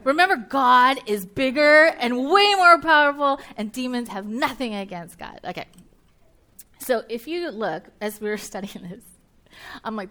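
A woman's voice: a little high, expressive, measured pace, sharp tone. A woman with a Southern US accent preaching a sermon in a conversational way, with joking asides and voiced reactions from her listeners.

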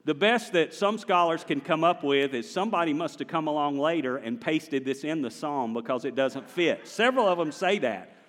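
Male pastor, higher voice, lively conversational sermon, long church reverb. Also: normal speed, hardly any pauses. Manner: animated, conversational preaching with the congregation. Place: large church sanctuary.

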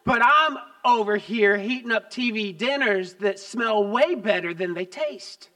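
A pastor and grandfather in his fifties delivers a sermon in a fairly high-pitched man's voice. He tells personal stories, leaning hard on key words and then falling to soft, low asides. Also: a little slow. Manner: storytelling, dynamic swings from loud emphasis to quiet asides.

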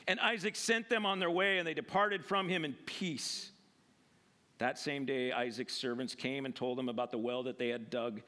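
A man's voice: fairly high pitch, bright, forceful tone. A male pastor preaching a sermon and reading scripture in a casual, conversational way, with frequent fillers.

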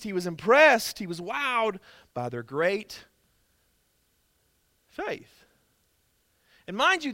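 A man's voice: very high-pitched, pushed and bright, no room sound, studio quality. A man preaching a sermon as pastor, emphatic and conversational, repeating key phrases for stress.

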